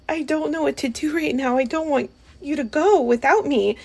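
A woman's voice: sits high, normal speed, creaky, darkish tone. A young woman performing a one-sided audio role-play, pleading and hesitant, stammering and often sinking into whispers.

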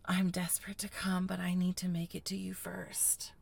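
A woman telling an intimate story in first person in a breathy, sighing, hushed whisper, as a whispered role-play. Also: on the low side, monotone, normal speed. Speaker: erotic audio narrator.

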